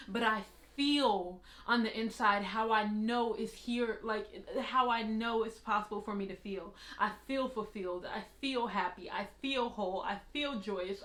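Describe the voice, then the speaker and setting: A woman's voice: a little high, bright, forceful tone. American woman doing a raw confessional vlog at home, honest and tired, a bit of room echo. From United States. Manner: candid, tearful, laughing between words. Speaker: vlog host. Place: her apartment. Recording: roomy apartment echo.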